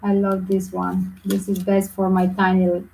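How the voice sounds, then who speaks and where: A woman giving a live tarot reading in chatty, animated, English. Her pitch sits in a middle range, and her phrasing carries small slips as she talks viewers through her cards. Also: unhurried, creaky, low-quality recording. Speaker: tarot reader.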